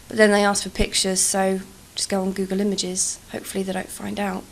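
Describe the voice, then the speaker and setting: A woman's voice: mid-range voice, flat delivery, fairly quick, vocal fry, few pauses. A young English woman with an accent that slides between posh and Cockney, chatting casually over gameplay in a rambling, self-deprecating way and swearing freely. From England. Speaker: YouTuber.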